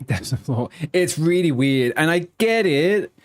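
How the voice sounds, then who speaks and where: A man's voice: a little high, expressive, measured pace, soft background music. A man streaming a game live, talking to himself and his viewers as he plays, with frequent swearing. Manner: mutters to himself, swears when frustrated. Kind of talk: live gameplay commentary.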